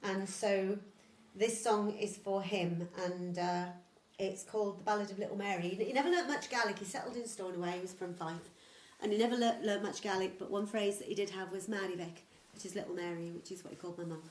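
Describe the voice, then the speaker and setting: An older woman, a folk singer, softly introducing a song at a home concert with unhurried storytelling and fillers. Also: mid-range voice, steady tone. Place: home lounge. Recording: roomy echo with music.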